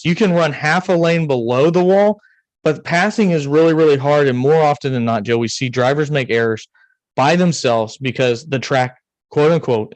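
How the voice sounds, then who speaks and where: A man's voice: mid-range voice, dry recording, low-quality recording. An American man co-hosting a racing podcast, chatting casually, joking and rambling. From United States. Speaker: podcast co-host. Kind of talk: casual chat.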